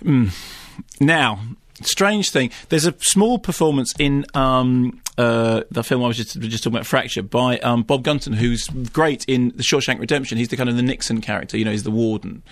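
A man reviewing films on the radio in a lively, ranting way, slipping into mock impressions. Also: mid-range voice, moderate pace, no echo, studio quality. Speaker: film critic. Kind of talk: radio film review banter. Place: radio studio.

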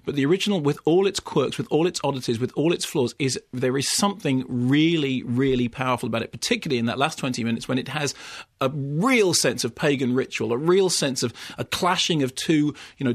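A man giving a sardonic, animated film review, with mocking asides pitched high. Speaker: film critic.

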